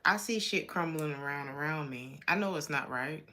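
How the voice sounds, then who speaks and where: A woman's voice: deep voice, moderate pace, pushed and bright. An American woman from Georgia doing a casual tarot reading, chatty and blunt, laughing often as she talks. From Georgia, USA. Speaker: tarot reader.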